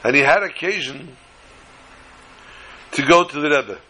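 Earnest bright-voiced man teaching Torah. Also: a little high, animated, unhurried, husky, rough recording. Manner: earnest, emphatic teaching with Hebrew and Yiddish terms. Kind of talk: Torah lecture with storytelling.

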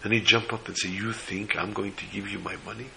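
A man's voice: on the low side, a little fast, creaky, a little hiss or hum, poor audio. A man telling a religious story as a sermon, acting out the characters' voices with feeling. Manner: animated storyteller voicing characters.

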